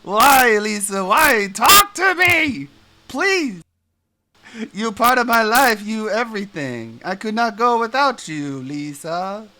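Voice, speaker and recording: A man doing a wounded, halting movie lover. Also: sits high, full character voice. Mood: anguished pleading. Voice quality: odd, broken phrasing and stilted delivery. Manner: swings between melodramatic pleading and flat reassurance. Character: brooding, wounded man with strange halting phrasing. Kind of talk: movie impression on a stream.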